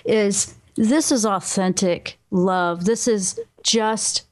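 A woman's voice: mid-range voice, fairly even intonation, slow pace. A woman hosting a radio talk show, chatting casually and responding encouragingly to her guest.

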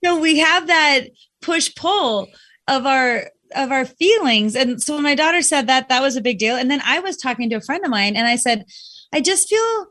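A woman with a high, light voice speaks in a reflective, conversational way. She explains her points with lively emphasis. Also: normal speed. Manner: reflective, animated with quoted voices. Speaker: guest speaking on emotions.

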